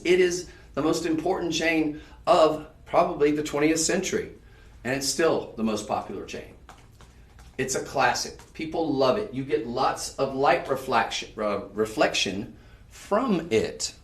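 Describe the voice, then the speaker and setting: Male shopping host, salesy and chatty, mid pitch, echoey studio, mic at a distance. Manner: upbeat, chatty, salesy, addresses viewers as ladies and folks. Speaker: shopping channel jewelry host.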